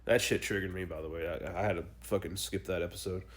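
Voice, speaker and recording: A man's voice: deep voice, steady tone, quick pace. A young adult man casually telling his own story in a blunt, profane, emotional way, acting out the people he quotes.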